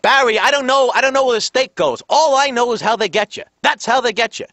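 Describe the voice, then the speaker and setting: A man imitating his suspicious, exasperated New father, speaking in a higher, whinier voice, heard through slightly dull lo-fi TV audio. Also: brisk, pushed and bright, no room sound, full character voice. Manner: whiny, exasperated, repetitive. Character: suspicious grumbling middle-aged New York father.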